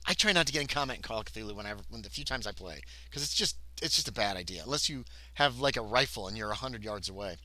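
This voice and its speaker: Lively, excitable man streaming solo game. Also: fairly low pitch, fast talker, hardly any pauses. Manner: rambling, self-interrupting, excitable chatter with the chat. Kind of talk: livestreamed solo tabletop game play.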